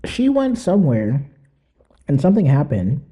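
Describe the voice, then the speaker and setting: A man's voice: on the high side, wildly swooping pitch, normal speed, mellow, slightly rough. A young man hosting a podcast alone, rambling in casual, profane commentary that mocks and laughs often. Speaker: podcast host.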